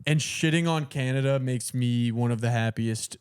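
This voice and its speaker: Crude jokey young podcast host. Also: male voice, medium pitch, normal speed, darkish tone, clear, resonant tone, no echo. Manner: jokey, crude, riffs with put-on quotes. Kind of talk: casual comedic chat.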